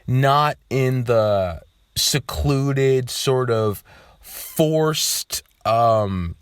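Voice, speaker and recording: A young man talking to camera in a loose, rambling way, swearing freely and breaking into loud outbursts. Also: medium pitch, drawn-out words, clean tone, no room sound, clean studio sound. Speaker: vlogger. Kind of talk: casual rambling monologue.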